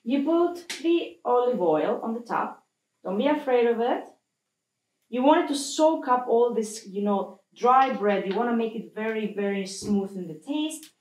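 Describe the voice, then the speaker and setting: A woman's voice: fairly high pitch, animated, measured pace, a little mellow. A woman hosting a casual cooking demonstration in a home kitchen, chatty and explaining each step in English. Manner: chatty, explains step by step with non-native phrasing. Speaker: cooking show host. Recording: echoey kitchen, mic at a distance.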